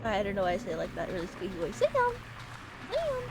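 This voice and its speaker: A woman's voice: fairly even intonation, very fast, creaky. Playful woman streamer, noisy background. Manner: playful, rambling, teasing chat, sudden squeaky yells. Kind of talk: casual gaming livestream chat.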